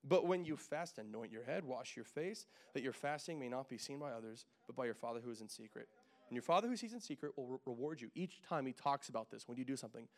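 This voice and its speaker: A young adult man preaching a sermon in a church, joking with the congregation and swinging from quiet, intimate talk to loud bursts, sweating in the heat. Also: mid-range voice. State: sweating in a hot room. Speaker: pastor. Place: church sanctuary.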